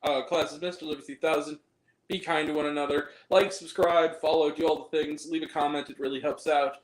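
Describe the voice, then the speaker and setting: A man's voice: a little high, level tone, brisk. Male host reviewing films, blunt and rambling, swears freely; roomy, echoey sound. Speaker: movie reviewer. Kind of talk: casual video review. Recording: roomy echo.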